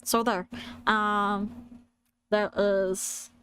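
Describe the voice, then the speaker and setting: A woman voicing a small mischievous alien creature in a put-on British accent, explaining slowly. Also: medium pitch, little pitch movement, fairly bright tone, a little hiss or hum.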